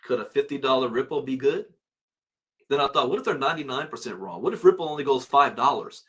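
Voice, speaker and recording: A man in a mid-range voice talks through market numbers in a relaxed, chatty way. He reads figures and news aloud, then drifts into musing asides of his own. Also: medium pitch, fast, breathy edge. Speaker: crypto channel host. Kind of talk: casual market commentary, reading headlines aloud.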